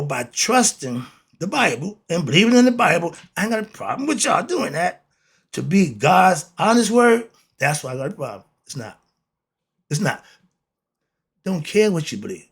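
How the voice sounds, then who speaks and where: A man's voice: fairly high pitch, breathy edge. A man talking straight to his listeners as a self-styled teacher, preachy and blunt, with street slang and lots of rhetorical questions. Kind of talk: monologue to camera.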